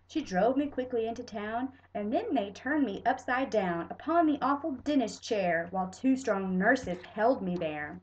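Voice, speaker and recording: A woman's voice: a little high, measured pace, hardly any pauses, highs cut off. A young woman with a stuffy nose, playfully reciting a children's poem as a storybook reading. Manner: playful, animated. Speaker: poetry reader.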